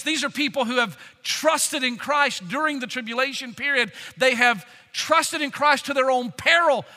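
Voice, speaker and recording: Fervent preacher in a reverberant hall. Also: male voice, very high-pitched. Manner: fervent preaching, swings from loud to hushed. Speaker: pastor. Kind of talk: sermon.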